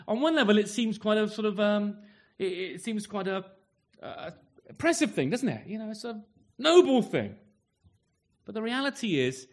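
Tag-questioning male preacher, slightly high voice. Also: sing-song, normal speed. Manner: conversational, full of rhetorical tag questions; restarts and stumbles while reaching for words. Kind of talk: sermon.

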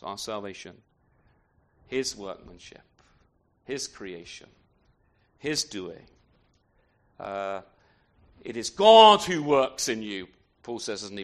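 A man's voice: sits high, a bit bright. A man preaching a sermon in an unscripted way, often restarting phrases and asking rhetorical questions.

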